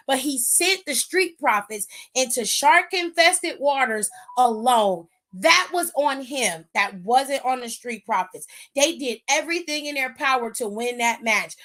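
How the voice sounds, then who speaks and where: A woman's voice: high-pitched, a bit bright. A woman hosting a wrestling aftershow, talking in a blunt, sassy, profane way. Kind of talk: casual opinionated recap.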